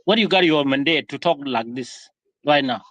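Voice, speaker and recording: A man's voice: mid-range voice, lively intonation, moderate pace, a bit bright, no echo. A man in a heated online debate who speaks emphatically and defends himself. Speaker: discussion participant.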